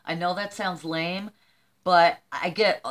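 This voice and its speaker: A woman's voice: fairly low pitch, steady tone, slow. Older lady vlogger, rambly and emotional, a bit teary, just chatting to camera. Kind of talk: casual chat to camera.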